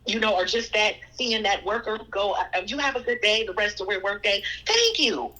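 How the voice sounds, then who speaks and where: A woman's voice: mid-range voice, normal speed, poor audio. A woman guest telling personal stories in a conversational way, acting out other people's lines. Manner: animated, quotes people in voices. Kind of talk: conversational storytelling.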